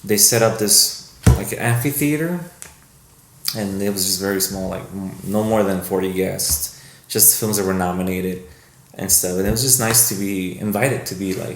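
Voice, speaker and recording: A man's voice: low voice, moderate pace. A man guest on a podcast, a film producer, telling rambling stories in a casual way and acting out the voices he quotes. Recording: echoey room with faint noise.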